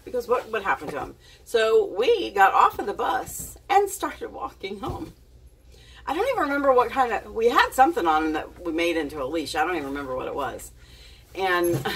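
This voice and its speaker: A woman's voice: deep voice, fairly bright tone, recorded from a distance, a little hiss or hum. A woman telling a casual story to her camera, chatty and giggly, with plenty of fillers and restarts. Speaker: vlogger.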